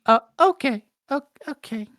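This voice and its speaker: Someone voicing a tiny mouse-folk woman librarian in a tabletop game, flustered and squeaky. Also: animated, normal speed, a bit bright, dry recording. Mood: puzzled. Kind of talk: tabletop role-play character voice.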